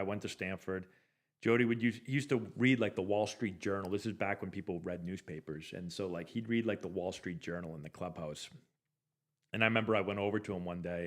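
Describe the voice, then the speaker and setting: Rambling middle-aged man, lower voice. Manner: rambling, loose, full of "like" and restarts. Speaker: former pro ballplayer hosting a live stream. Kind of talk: casual anecdotal storytelling.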